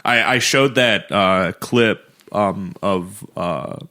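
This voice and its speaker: A man's voice: deep voice, slow pace, sharp tone. A young man co-hosting a podcast, telling stories in a loose, rambling casual chat full of fillers. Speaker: podcast co-host.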